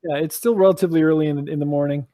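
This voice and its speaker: A man narrating a tabletop game as game master, in a relaxed way with frequent fillers. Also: a little high, rapid-fire, a crowd in the background.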